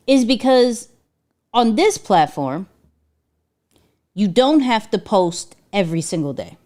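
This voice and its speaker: A woman's voice: medium pitch, a little mellow. A woman hosting a casual livestream, chatting to viewers, reading out their comments and tagging sentences with "right?". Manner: reads chat aloud, repeats herself, many "right?" tags. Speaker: livestream host. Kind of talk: casual interactive livestream chat.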